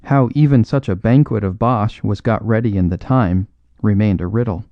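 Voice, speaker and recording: A man narrating a classic mystery story as an audiobook, in a measured, expressive reading. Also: lowish voice, dry recording, lo-fi sound. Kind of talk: scripted narration.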